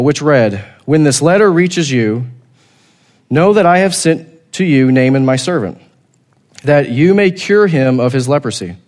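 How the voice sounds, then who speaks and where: A man preaching a sermon, retelling a scripture story with lively acted-out voices and frequent repeated words. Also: on the high side. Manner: animated storytelling, acting out the characters; repeats words while finding the thought. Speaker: pastor.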